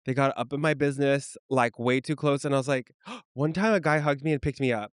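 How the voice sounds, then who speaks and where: Male podcast host, playful, laughs a lot, smooth resonant voice, dry close sound. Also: mid-range voice, brisk, dry recording. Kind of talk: casual chat.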